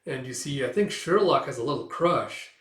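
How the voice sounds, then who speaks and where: A man's voice: medium pitch, lively intonation, normal speed, fairly bright tone, echoey room. A man reading through a comic book aloud in a casual, loose way, paraphrasing the dialogue with fillers.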